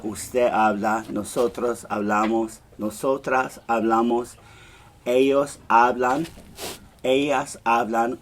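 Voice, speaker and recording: Slow, patient man teaching Spanish. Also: mid-range voice, a little hiss or hum. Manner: slow, patient, repeats forms for students to echo. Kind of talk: classroom lesson with drills.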